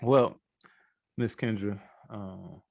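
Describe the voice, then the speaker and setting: A man's voice: on the low side, steady tone, drawn-out words, gravelly, no room sound. A man hosting a podcast in a laid-back casual chat, laughing often and leaning on filler phrases. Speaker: podcast host.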